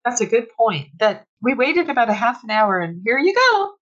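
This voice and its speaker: Animated woman storyteller, dull audio. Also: on the high side, moderate pace. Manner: animated, breaks into shrieks and laughter when retelling. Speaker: author guest. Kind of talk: conversational storytelling.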